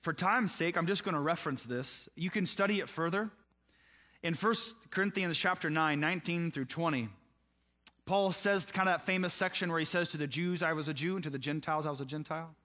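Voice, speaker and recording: Man, pastor, high-pitched voice, chatty sermon, questions to the congregation. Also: a little fast, sharp tone. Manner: conversational, asks the listeners questions; acts out voices of people in the story.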